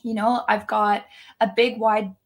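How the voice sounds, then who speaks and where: A woman in her thirties, a guest telling stories in a chatty, animated way, full of "like" fillers. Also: mid-range voice, a little slow. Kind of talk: casual storytelling.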